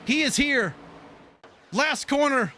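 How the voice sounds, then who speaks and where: A man calling a motor race play-by-play, excitable and quick to exclaim. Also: very high-pitched, noisy background. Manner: excitable, shouting calls, laughing. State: out of breath. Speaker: play-by-play commentator.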